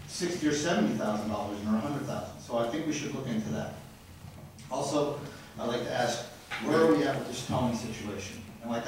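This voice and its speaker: A man's voice: medium pitch, slight background noise. Frustrated man at a council podium, echoey. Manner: frustrated, grows loud and accusatory; blunt, rambling with restarts. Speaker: resident speaking at public comment. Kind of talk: public comment at a council meeting. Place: city council chamber. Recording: very echoey council chamber from far off.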